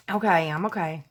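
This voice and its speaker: A woman with a medium-pitched, slightly rough voice is a vlogger opening a gift package at home in the evening. Her casual unboxing talk is gushing and excitable, full of gasps and exclamations, and she calls the audience "y'all."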